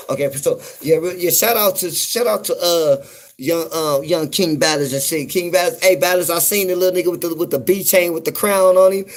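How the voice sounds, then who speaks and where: A man with a fairly high voice rambles in a relaxed, drawn-out way, hosting his own livestream. He keeps tossing in "you know what I'm saying" between thoughts. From US West Coast. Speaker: livestream host. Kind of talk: casual livestream monologue.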